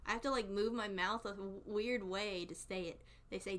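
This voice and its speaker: A woman's voice: mid-range voice, steady tone, brisk, hardly any pauses, fairly bright tone. A young woman with a Southern US accent, chatting casually with her live stream chat, playful and often laughing.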